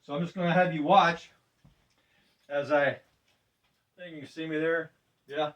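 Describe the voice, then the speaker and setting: Sixties male, slightly high voice, easygoing and winded, heard from across a gym room. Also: steady tone, moderate pace. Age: 60s. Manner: chatty and loose, with repeated "right?" checks and soft laughs. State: breathing deeply during the workout. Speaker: fitness vlogger. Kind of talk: casual demonstration while exercising. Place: gym room among exercise machines. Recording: distant mic with faint background noise.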